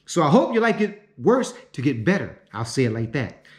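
A man delivering a profane, repetitive ranting monologue, swinging from shouting to muttering. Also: on the high side, big pitch swings, normal speed. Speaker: online commentator. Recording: roomy echo.

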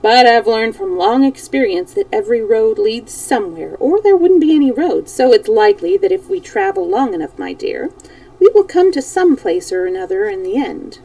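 A cheerful, philosophical vagabond man from a storybook, as a woman reads him out. He muses easily in a gravelly, mellow tone. The voice sits a little far from the mic. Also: fairly high pitch, big pitch swings, normal speed. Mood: musing. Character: easygoing, wandering, philosophical grown man.

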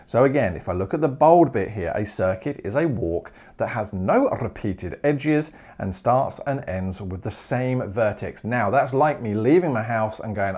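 Animated, jokey male maths teacher. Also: mid-range voice. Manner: animated, jokey, full of rhetorical questions. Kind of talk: humorous video lesson.

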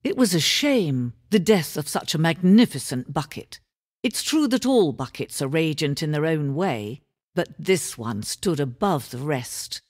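An actor playing a wry, omniscient male game narrator, speaking in measured, mock-grave tones. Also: a little high, sing-song, dry recording, clean studio sound. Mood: mock-solemn.

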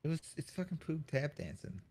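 A man's voice: on the high side, sing-song, fairly quick, a little mellow, slightly rough. Laughing, sarcastic young man on voice chat. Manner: laughs a lot, sarcastic joking. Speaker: gaming friend. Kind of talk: casual gaming chat.

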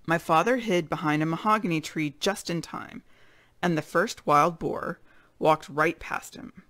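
A woman reads a children's chapter book aloud, telling the story expressively. Her voice sits a little low for a woman, and her pacing is relaxed and friendly. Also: a little slow, no room sound. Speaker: read-aloud narrator.

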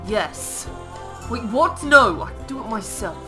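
A woman as a haughty young boy earl in cosplay role-play over a game. The voice sits a little high and swings widely, bossy and dry with sudden laughing shouts. Game music plays clearly behind. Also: expressive, unhurried. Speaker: gaming channel host.

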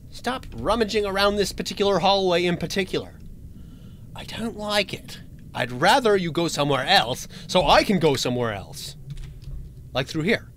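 A man playing a horror game for his channel, joking and taunting the monster he's hiding from, with sudden yells and laughs. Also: a little high, animated, moderate pace, long pauses, slight background noise. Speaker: gaming channel host. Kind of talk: let's play commentary.

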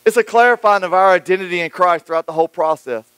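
Man, pastor, sermon, high smooth voice, dry close sound, hushed then rising delivery. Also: fast talker, dry recording, rough recording. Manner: dynamic preaching with wide swings between hushed and raised delivery; acts out quoted voices of church folk and critics.

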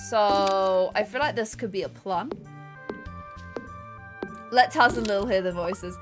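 A woman's voice: medium pitch, slow pace, music in the background. A young woman hosting a casual gaming live stream, bubbly and giggly, chatting to her viewers and co-op friends. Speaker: streamer and host.

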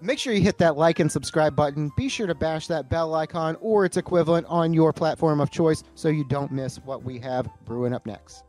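Rambling podcast co-host man, higher voice. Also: a little fast, hardly any pauses, faint music behind. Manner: relaxed, rambling pop-culture riffs. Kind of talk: casual movie-review chat over beer.

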